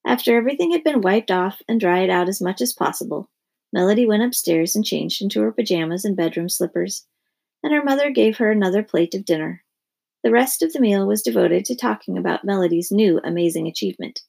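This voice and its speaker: A woman reading a children's story aloud with expressive narration. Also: mid-range voice, fairly quick, gravelly, breathy edge.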